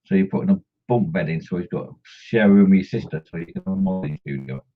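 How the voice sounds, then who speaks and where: A middle-aged man talks fast in a low, gravelly voice while hosting a model-painting stream. He reads the chat aloud, teasing viewers with jokes and casual banter, over dull lo-fi audio.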